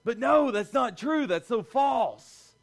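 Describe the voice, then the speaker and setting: A young man preaching a lively, conversational sermon to a youth group, acting out quoted voices as he goes. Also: very high-pitched, slow pace, vocal fry. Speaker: youth pastor.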